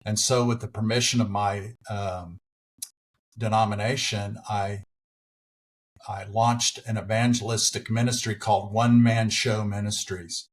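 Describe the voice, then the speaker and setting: A middle-aged man, a preacher and actor, telling stories as a podcast guest in an animated, playful way. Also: fairly low pitch, unhurried. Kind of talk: storytelling in casual conversation.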